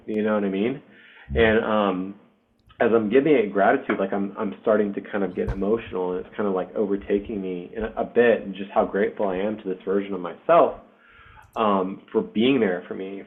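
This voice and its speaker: A man in his forties hosting a spiritual group call, sharing a personal experience in an informal, heartfelt way. His voice sits a little low. The audio is narrow and tinny, like a video call. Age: 40s. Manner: informal and heartfelt, says "dude", many fillers. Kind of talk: casual personal storytelling.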